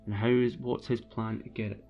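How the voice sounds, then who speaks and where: A man's voice: mid-range voice, flat delivery, moderate pace, muffled recording. A man streaming alone, talking in a casual, blunt and opinionated rant with frequent restarts. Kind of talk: casual ranting monologue.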